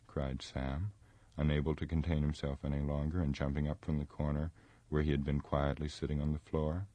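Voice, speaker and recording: A man reading a novel aloud in steady, measured scripted narration. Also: rumbling low, dry recording. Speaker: audiobook reader.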